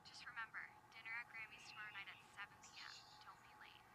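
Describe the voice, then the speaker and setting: A hushed, worried mother. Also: fairly high pitch, little pitch movement, very fast. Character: worried middle-aged mother on the phone. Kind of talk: music video acting.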